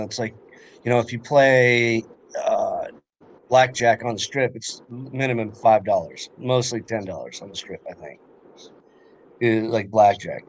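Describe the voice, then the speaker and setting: Young man, casual rambling chat, fillers and swearing, faint hiss behind. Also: medium pitch. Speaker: podcast co-host.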